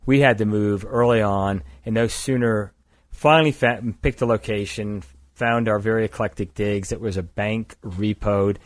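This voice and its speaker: An older man with a low voice tells his story in a relaxed, rambling way, backing up to correct himself as he goes. He sounds close to the mic in a dry, dead room. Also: no room sound. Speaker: company founder and guest. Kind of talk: conversational storytelling interview.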